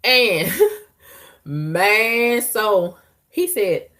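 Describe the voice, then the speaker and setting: A woman talking frankly to her viewers in a casual, profane monologue, breaking into loud squealing outbursts. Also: mid-range voice, expressive, very slow. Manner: frank, profane, conversational drawl.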